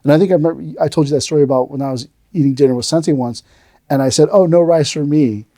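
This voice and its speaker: A man's voice: mid-range voice, rapid-fire, dry recording, studio quality. A middle-aged man, an aikido instructor, hosting a casual podcast chat and animatedly acting out the lines in his stories. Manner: animated storyteller who acts out quoted lines.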